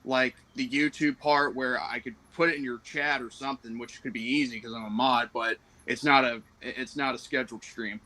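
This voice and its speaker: Stream guest: man with a faint Southern accent, bright and forward tone, halting delivery. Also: mid-range voice, steady tone, low-quality recording. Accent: light Southern American. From American South. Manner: hesitant, many fillers and restarts. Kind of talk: casual livestream chat.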